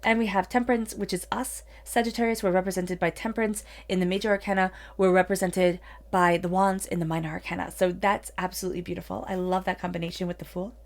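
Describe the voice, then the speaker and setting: A woman's voice: on the low side, level tone, fast talker, creaky, hardly any pauses. A woman giving a solo tarot reading in an earnest, encouraging manner, with many "you know"s. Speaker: tarot reader.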